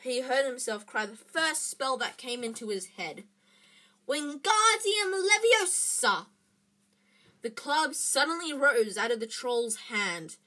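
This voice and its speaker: A woman reading a children's book aloud in an expressive way, with small slips and restarts. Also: mid-range voice. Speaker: reader.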